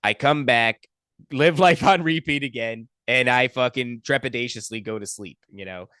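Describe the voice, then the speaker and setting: Bright-voiced man telling a wild story. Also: medium pitch, moderate pace, smooth, no room sound, clean studio sound. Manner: profane, animated storytelling. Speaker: podcast guest. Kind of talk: casual storytelling.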